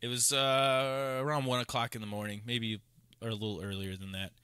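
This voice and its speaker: A man's voice: medium pitch, little pitch movement, a little fast, bright, forceful tone, clean tone, no room sound, clean studio sound. A man from Illinois, a podcast co-host, casually telling rambling rideshare stories and acting out what people said. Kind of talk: casual chat, storytelling.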